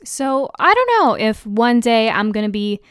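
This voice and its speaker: A woman's voice: on the high side, animated, a little slow, fairly bright tone, clean tone, dry recording, clean studio sound. A young adult woman hosting a solo podcast in a candid, self-deprecating style, acting out the dialogue she quotes. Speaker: podcast host. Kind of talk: casual solo podcast monologue.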